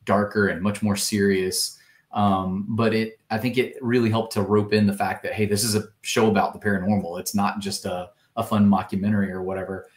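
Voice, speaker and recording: Low-voiced dude chatting from an echoey room, thoughtful, cracks jokes. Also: male voice, little pitch movement, brisk. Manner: thoughtful, joking asides. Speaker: actor guest. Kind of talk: casual interview chat.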